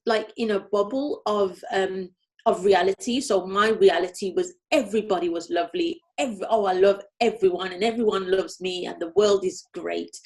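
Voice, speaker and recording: A woman from Birmingham with a light Brummie accent, a guest speaking candidly in an interview, reflective, often restarting and repeating her phrases. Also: medium pitch. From Birmingham, England.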